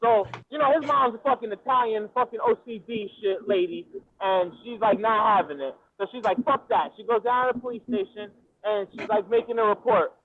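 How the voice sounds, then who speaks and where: A man telling a story over casual chat, profane and excitable, with slangy street talk. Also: sits high, a little fast. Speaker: storyteller guest. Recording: tinny phone-like audio.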